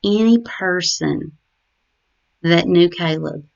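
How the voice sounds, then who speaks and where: A middle-aged mother recalls her late son in a tender, halting way, full of pauses and fillers. Her voice sits a little low and has a gravelly edge, and she takes her time. The recording sounds dull and lo-fi. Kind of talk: personal memorial reflection.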